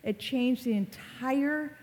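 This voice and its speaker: A woman's voice: sits high, takes it slowly, a little mellow. A middle-aged woman giving a public talk about social media safety, telling a story in a conversational, dramatic way with fillers. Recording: long hall reverb.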